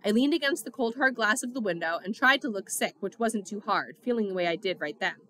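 Bright-voiced woman reading a novel aloud. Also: mid-range voice, fairly quick. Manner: expressive storytelling. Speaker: audiobook reader.

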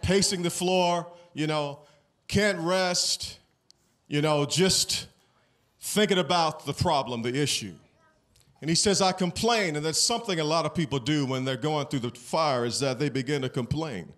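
A man preaches a sermon as pastor in a fairly bright voice on the high side, at a measured pace. He talks plainly and conversationally, asking the congregation questions.

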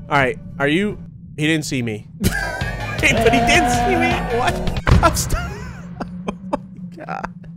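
A young man giving excitable, laughing commentary while playing a horror video game. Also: sits high. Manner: excitable, laughing, talks to himself and the viewers. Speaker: gaming YouTuber.

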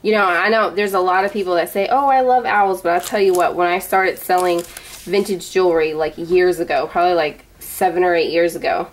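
A woman's voice: fairly low pitch, fairly even intonation, a little fast, poor audio. Chatty woman gushing over craft goodies. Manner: chatty, gushing, rambling with many fillers. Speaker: vlogger showing a gift box. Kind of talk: casual show-and-tell unboxing.

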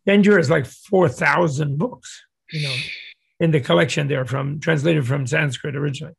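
Older male guest storyteller, very gravelly, husky, rambling. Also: fairly high pitch, normal speed. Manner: digressive, with many restarts and chuckles. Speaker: guest speaker. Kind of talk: casual anecdotal storytelling.

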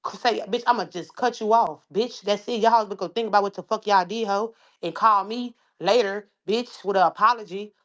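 A woman's voice: medium pitch, a bit bright. Profane, confrontational woman ranting. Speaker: rapper. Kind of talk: angry livestream rant.

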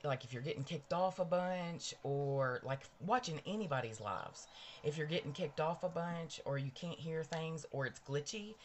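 A middle-aged woman with a lowish voice does her makeup at home while chatting directly to her live-stream viewers, gushing and talkative. She uses a cabled mic near a ring light, with a little hiss or hum audible.

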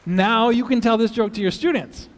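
High-voiced man joking in a hall. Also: moderate pace. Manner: playful, asks the audience questions. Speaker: conference speaker. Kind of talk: joke-telling talk to an audience. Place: large conference hall. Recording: long reverb of a large hall.

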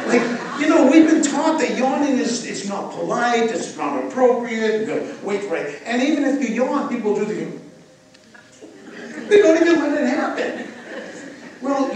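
Man leading a breathing session, joking around with the crowd, high voice, really echoey and far from the mic. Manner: playful, jokey asides between calm guided instructions. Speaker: breathwork teacher. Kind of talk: guided breathing talk to a live audience. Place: live festival session. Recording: echoey, distant room recording with noise.

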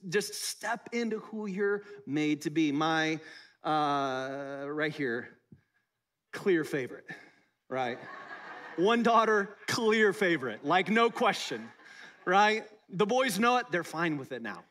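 A man's voice: high voice, lively intonation, takes it slowly, fairly bright tone. A middle-aged man preaching a casual, playful sermon to his congregation, asking them questions. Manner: conversational, playful, talks to the congregation. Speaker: pastor. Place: church service.

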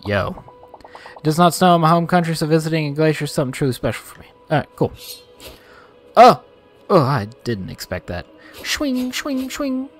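A man giving excitable let's-play commentary, talking straight to his viewers and ranting playfully. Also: on the high side, brisk, long pauses, faint music behind. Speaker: gaming video creator.

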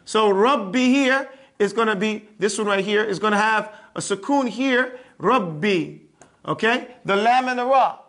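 A man teaching Quran recitation in a classroom lesson, patiently repeating sounds slowly and checking in with his listeners often. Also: sits high, fairly bright tone.

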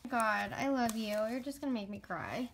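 Young woman fitness vlogger, high and excitable, gushing, casual to camera. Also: moderate pace, gravelly, slight background noise. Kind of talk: casual vlog.

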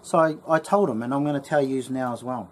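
A man's voice: mid-range voice, fairly quick. A man with a New Zealand accent telling a story and giving a casual how-to talk as a bushcraft channel host, rambling and chatty. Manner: rambling, lots of fillers and restarts, chatty.

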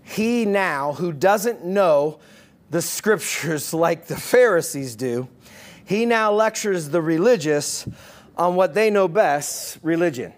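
A male pastor delivering an online sermon in an animated, emphatic and playful way. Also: a little high, slow pace.

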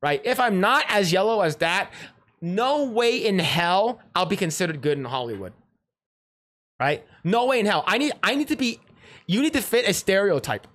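A man's voice: high-pitched, very animated, normal speed, fairly bright tone. A man hosting a livestream, reacting to a clip in rambling, sarcastic casual chat with frequent restarts and swearing.

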